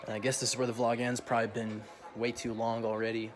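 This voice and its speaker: A man's voice: mid-range voice, completely flat delivery, fast talker. A young man vlogging a casual, profane rant full of slang, often laughing as he talks.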